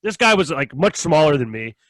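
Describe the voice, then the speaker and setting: Man hosting a podcast, rapid-fire storyteller, dry close sound. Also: a little high, big pitch swings, fairly bright tone, no room sound. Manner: rambling, laughs often, acts out quotes. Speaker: podcast host. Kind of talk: casual chat, storytelling.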